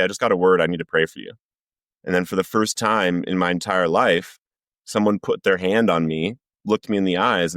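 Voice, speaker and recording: A man's voice: deep voice, fairly bright tone, no echo, studio quality. A man, a podcast guest, giving an earnest personal recovery testimony as vivid storytelling that acts out the lines he quotes.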